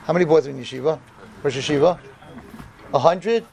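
Before an audience of yeshiva students in a room, a rabbi animatedly performs the dialogue of a funny storytelling sermon. His voice runs on the high side, fairly quick and gravelly.

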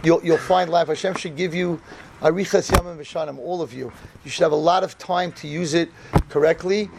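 A man's voice: a little high, normal speed, gravelly, background noise. A man, a rabbi, giving a humorous storytelling sermon to a room of yeshiva students and acting out the dialogue with animation. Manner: animated, acts out quoted dialogue. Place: room in front of an audience of students.

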